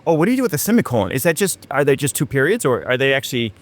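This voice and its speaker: A man improvising a comedy scene, halting and sheepish. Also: medium pitch, big pitch swings.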